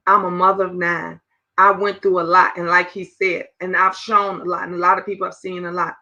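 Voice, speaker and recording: A woman in her fifties hosting a casual livestream chat, animated and talking straight to her viewers. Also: lowish voice, fairly quick, lo-fi sound. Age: 50s. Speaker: livestream host.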